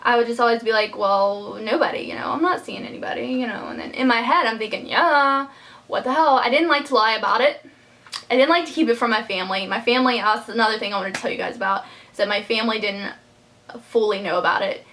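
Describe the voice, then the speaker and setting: A woman's voice: fairly high pitch, fast, a bit bright. A young woman vlogging about her personal life, heartfelt and rambling, close to tears. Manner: heartfelt, rambling, many fillers and restarts. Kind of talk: personal storytime vlog.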